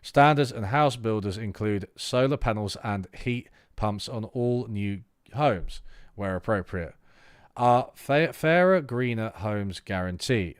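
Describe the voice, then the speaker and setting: On a livestream, a low-pitched man reads a political manifesto aloud, then drifts into loose, halting asides full of fillers. His delivery is expressive, and his voice sounds close and dry with no echo or room sound.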